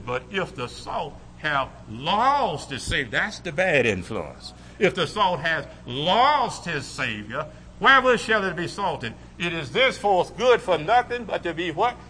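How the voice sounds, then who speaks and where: A man's voice: a little high, sharp tone, a little hiss or hum, low-quality recording. Emphatic, sing-song male preacher. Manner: rhythmic preaching with emphatic swells and drops; quotes scripture in old-fashioned wording. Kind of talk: sermon.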